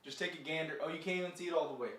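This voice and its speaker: A man's voice: fairly high pitch, steady tone, very fast, fairly bright tone, a little hiss or hum. A man hosting a casual live market chat from home, rambling and joking in a boastful, teasing way. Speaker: livestream host.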